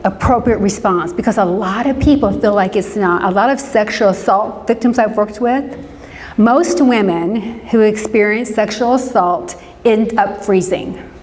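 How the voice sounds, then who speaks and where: Speaking with a mid-range, slightly mellow voice, this Midwestern counselor lectures on forgiveness to a live group in a conversational, interactive way. She keeps asking "right?" to check in. The hall adds a long reverb.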